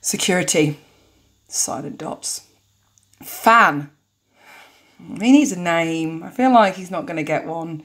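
A woman's voice: lowish voice, expressive, takes it slowly, pauses often, a bit bright. A woman narrating and commenting casually on a story game, chatty and joking as she goes. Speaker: let's play narrator.

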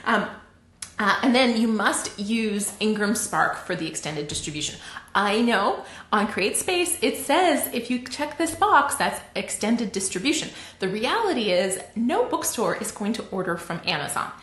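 A woman's voice: mid-range voice, moderate pace. Chatty Canadian woman in an echoey room. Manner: chatty and animated, laughs often. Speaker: livestream host. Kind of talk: casual livestream teaching.

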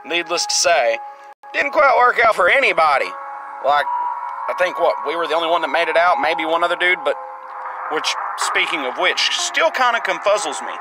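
A man's voice: on the high side, expressive, normal speed, over music, rough recording. A man casually commenting on a survival game and reading its text aloud in a plain, rambling way. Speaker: gamer playing a survival game.

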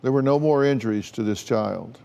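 A man's voice: mid-range voice, a little fast, creaky, warm tone. A man with an American accent hosting a talk show, asking blunt, direct questions in a studio interview.

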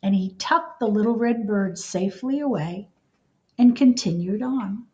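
A woman reading a children's storybook aloud in an expressive, unhurried way. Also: mid-range voice, lo-fi sound. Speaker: storybook reader.

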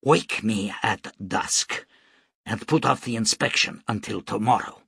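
Man reading as calm commanding prince, low husky voice, dry sound. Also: measured pace, dry recording, heavily acted. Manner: terse, commanding.

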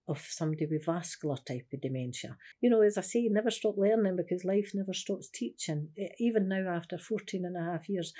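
A woman's voice: fairly low pitch, mellow. A Scottish woman in her sixties telling a personal story in an interview, earnest and repeating "I says" as she recounts conversations. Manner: earnest, repeats "I says", acts out remembered dialogue. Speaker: interviewee, carer's widow.

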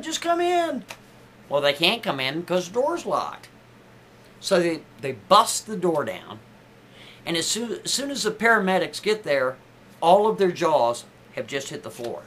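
A man with a fairly high voice spins a loose, conversational story. He talks casually and jumps up in pitch to stress his points. A faint hiss runs under the recording. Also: sharp tone. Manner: chatty, conversational, swings his pitch up for emphasis.

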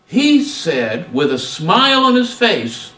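A man presents a staff workshop with a lively, swooping voice and plenty of humor. He keeps acting out short exchanges. The sound is roomy and picked up from a distance. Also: high voice, takes it slowly. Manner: animated, acts out dialogues with humor. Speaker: guest speaker on student service. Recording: roomy hall, distant mic.

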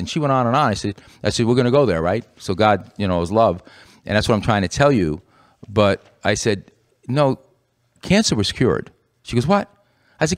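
A man's voice: fairly low pitch, animated, fast. A man co-hosting a Christian radio talk program, preaching with passion and repeating phrases for emphasis. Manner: impassioned, rising to forceful emphasis. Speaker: radio show co-host.

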